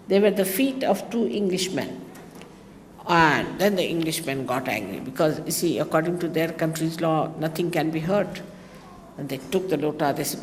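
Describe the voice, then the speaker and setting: A woman's voice: deep voice, moderate pace. A woman from India, telling digressive anecdotes in a talk, with exclamations and asides to her listeners. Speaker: speaker giving a talk. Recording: reverberant hall with faint background noise.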